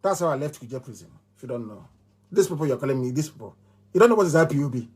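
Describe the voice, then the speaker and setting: A man's voice: fairly high pitch, animated, quick pace, a little mellow, slightly rough. A middle-aged man with a Nigerian accent giving a fiery live radio address, emphatic and repeating phrases like a chant. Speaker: movement leader on radio.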